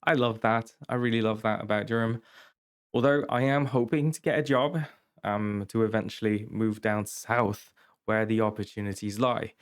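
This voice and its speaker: A man's voice: fairly low pitch, fairly even intonation, normal speed. A young man hosting a podcast, telling wry, digressive stories in a casual monologue. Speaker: podcast host.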